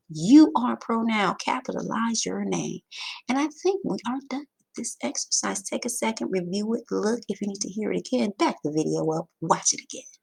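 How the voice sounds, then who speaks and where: A woman teaching a grammar lesson over slides, emphatic and lively, with sudden jumps in pitch. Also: gravelly, slightly rough.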